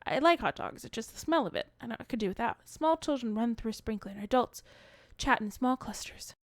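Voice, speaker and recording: A woman's voice: a little high, animated, brisk, very noisy. A woman playing a video game on her channel, reading its text aloud with wry, muttered asides and casual swearing.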